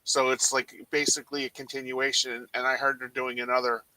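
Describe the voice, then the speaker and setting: A man's voice: mid-range voice, little pitch movement, a little fast, a crowd in the background, poor audio. An American man from Philadelphia chatting casually about TV shows, hesitant and full of fillers. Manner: hesitant, filler-heavy recommending.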